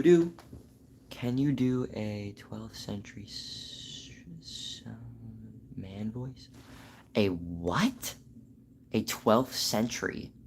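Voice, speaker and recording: A man's voice: fairly low pitch, slight background noise. A man, a voice actor streaming live from home, chatting casually with his viewers. He jokes and stammers while reading chat aloud.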